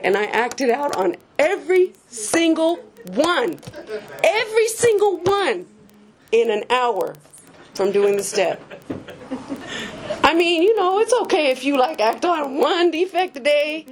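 A woman with a slightly high voice shares her own story in a casual, confessional way. She is candid and self-mocking, laughs at herself often and swears freely. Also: expressive, measured pace. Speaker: speaker sharing a recovery story. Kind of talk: personal testimony, casual storytelling.

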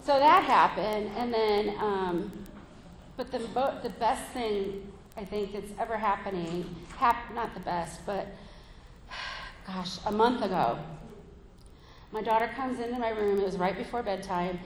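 A woman's voice: mid-range voice, measured pace, slight background noise. A woman in her thirties giving a candid, rambling personal testimony at a recovery meeting, with many fillers and laughs. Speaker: speaker sharing at a recovery meeting. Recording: echoey hall from far off.

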